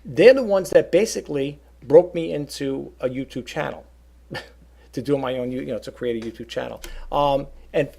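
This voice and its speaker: A middle-aged man with a gravelly voice, talking casually and at length to his viewers, often repeating himself as he goes. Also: mid-range voice, normal speed, darkish tone. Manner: rambling, repeats words, talks straight to viewers. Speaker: online seller and vlogger. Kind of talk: casual talk to camera.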